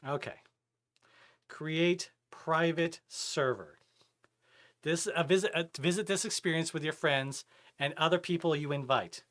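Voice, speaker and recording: A man's voice: on the high side, measured pace. A man streaming a game live, chatting casually and reading and answering his chat as he plays. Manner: animated, chatty, reads chat aloud.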